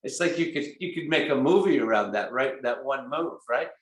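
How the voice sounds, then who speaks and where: Rock singer in his 60s, casual interview guest, animated storyteller who does voices, mid-range voice, echoey room. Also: medium pitch, normal speed. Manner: animated anecdotes, acts out quoted voices. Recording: roomy echo.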